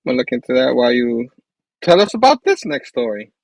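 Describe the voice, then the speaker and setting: A man's voice: mid-range voice, very animated, a little fast, vocal fry, no echo, rough recording. A man co-hosting a comic book show, chatting in an easygoing, hesitant way. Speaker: comic book podcast co-host. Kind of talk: casual chat.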